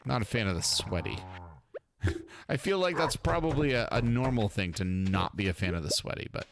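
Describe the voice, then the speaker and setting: A man's voice: lowish voice, animated, moderate pace, gravelly, noisy background. A man hosting a casual let's play, chatting in a rambling, talkative way and laughing often. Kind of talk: casual gameplay commentary.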